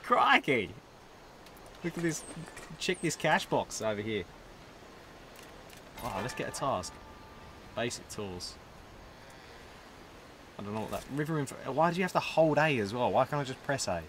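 A young man playing a video game and chatting casually, excitable and swearing freely, often breaking into laughter. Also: mid-range voice, moderate pace, long pauses, a little hiss or hum. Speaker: let's play player. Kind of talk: casual gameplay commentary.

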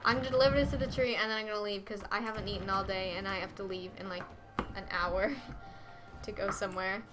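A woman's voice: mid-range voice, fairly even intonation, brisk. A woman streaming herself playing a video game, talking to viewers and swearing constantly in exasperated outbursts. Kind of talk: live gameplay commentary. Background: game music.

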